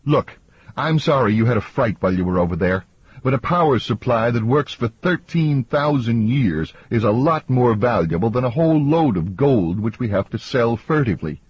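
A husky-voiced man reading an audiobook, voicing a level-headed woman scientist in a matter-of-fact tone, a little higher than his own voice. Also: expressive, normal speed, dull audio. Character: Catherine, a woman crew scientist, level and factual.

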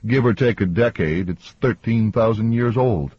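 A level, matter-of-fact woman scientist, as a male audiobook narrator voices her, her lines lifted somewhat above his low voice. The tone is breathy and husky throughout. The recording is close, dry and a little dull. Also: normal speed, dry recording. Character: Catherine, a woman crew scientist, level and factual.

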